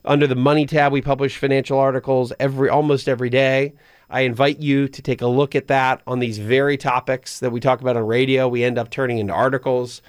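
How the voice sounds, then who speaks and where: A man's voice: mid-range voice, level tone, fast talker, smooth, dry recording, studio quality. Conversational male radio finance host. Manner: explanatory, conversational, restarts and repeats words. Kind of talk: radio call-in advice show. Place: radio studio. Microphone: studio microphone.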